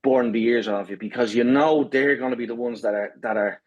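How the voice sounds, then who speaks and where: Husky Dublin man telling banter-filled stories. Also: mid-range voice, a little fast, dull audio. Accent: Dublin Irish. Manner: swearing banter, lots of "right?". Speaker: podcast guest, marathon pacer. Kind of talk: casual storytelling chat.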